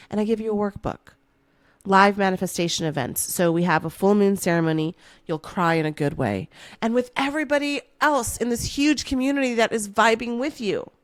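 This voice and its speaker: Female podcast host, hyped motivational coach, playful and teasing, mid pitch, dry booth sound. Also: dry recording. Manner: playful, hyped coaching, calls listener baby.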